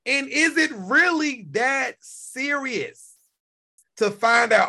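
A man in his forties hosting a casual live-stream rant, animated and profane, repeating himself and now and then breaking into shouts. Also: extremely high pitch, slow pace, gravelly. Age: 40s. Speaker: YouTube commentary host.

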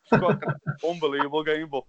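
Lively Liverpudlian man telling stories. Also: fairly high pitch, moderate pace, lo-fi sound. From Liverpool, England. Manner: animated storytelling, swearing. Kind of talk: casual chat.

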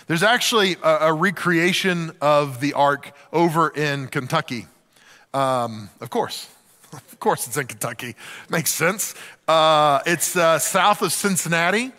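A middle-aged male pastor preaches in a relaxed, joking, candid way. His voice sits fairly high and rings bright. A long church reverb trails behind every phrase. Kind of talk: sermon.

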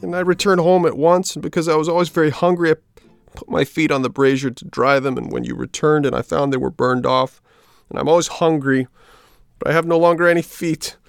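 A man's voice: a little high, fairly even intonation, fairly quick, vocal fry, smooth, dry recording, studio quality, soft background music, pitched above the performer's own voice. A man voicing a hungry, fretful wooden puppet boy who whines and wails stubbornly. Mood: wailing. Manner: whiny, wailing, stubborn.

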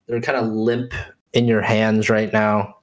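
A man narrating as game master of a tabletop game, playful and fond of drawn-out repetition for comic effect. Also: on the low side, flat delivery.

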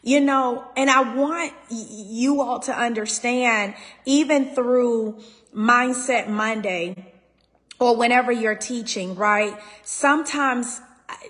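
High-voiced tearful woman. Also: slow pace, a bit bright, long reverb tail. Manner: raw, tearful, holding back crying. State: near tears. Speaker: podcast host. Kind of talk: emotional faith talk to listeners.

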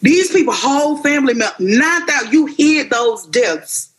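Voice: sits high, animated, moderate pace, a bit bright. A podcast co-host in casual comedic chat, ranting with profanity and acting out quotes.

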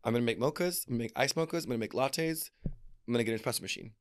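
A man's voice: medium pitch, racing, slight background noise. A man co-hosting a casual chat podcast, breezy and playful, rambling happily through his plans. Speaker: podcast co-host.

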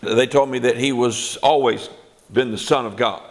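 A man's voice: medium pitch, moderate pace. An older man teaching the Bible in a sermon, reading verses aloud and explaining them with rising emphasis. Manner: expressive preaching, reads scripture aloud with rising emphasis.

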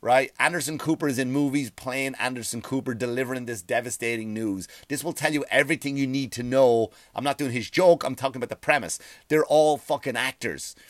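A man's voice: medium pitch, a little fast, hardly any pauses, dry recording. Swearing, rambling man ranting. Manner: profane, rambling, stumbles over words. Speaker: podcast host. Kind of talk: ranting monologue.

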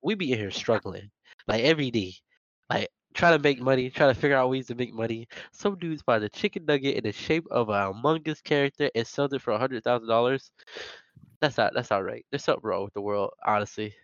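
A man's voice: medium pitch, a little fast, no room sound. A young man co-hosting a podcast, telling rambling stories with lots of laughs and restarts. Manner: rambling, laughing, animated storyteller. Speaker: podcast co-host. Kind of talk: casual podcast banter. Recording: muffled lo-fi recording.

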